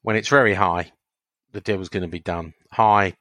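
A man co-hosting a casual podcast speaks in a lower register, relaxed and matter-of-fact. His voice is dry and close to the mic. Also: normal speed, no room sound. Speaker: podcast co-host. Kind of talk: casual banter.

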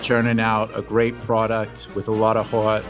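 A man doing a comedic impression of a grand presidential speechmaker, halting and restarting his words. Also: on the low side, monotone, music in the background, lightly acted. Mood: grandiose.

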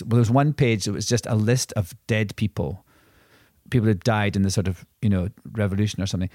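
A man's voice: on the low side, fairly quick, a little mellow, dry recording, studio quality. A man co-hosting a podcast, telling rambling anecdotes in casual chat with many restarts and asides. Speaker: podcast co-host.

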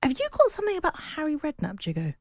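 A woman's voice: sits high, wildly swooping pitch, racing, dry recording, studio quality. A woman hosting, reacting with enthusiasm and prompting her guests for stories. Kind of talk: casual chat.

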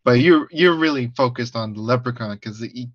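A man's voice: mid-range voice, normal speed, no echo, dull audio. A man co-hosting a casual movie review podcast, hesitant and laughing often. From United States. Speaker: podcast co-host.

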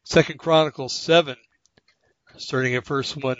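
A man hosting his own podcast, reading scripture aloud in a halting, earnest way, with many pauses and self-corrections. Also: mid-range voice, fairly even intonation, a bit bright, dry recording, lo-fi sound. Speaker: podcast host.

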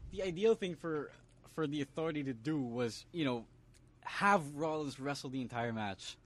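A man's voice: on the high side, lively intonation, moderate pace, fairly bright tone. A man, co-hosting a casual wrestling podcast and breaking down the show, slipping Tagalog into his English. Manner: analytical, mixes Tagalog into English. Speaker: podcast co-host.

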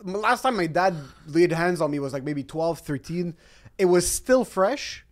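A man hosts a casual podcast chat. His voice sits fairly high, and he tells his stories in an animated way, swearing freely along the way. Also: measured pace. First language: French. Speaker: podcast host.

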